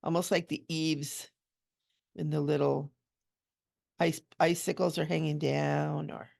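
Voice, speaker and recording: A woman hosting a relaxed coloring tutorial, chatting gently and cooing over small details as she works. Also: sits low, slow, creaky. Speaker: coloring channel host and hypnotherapist.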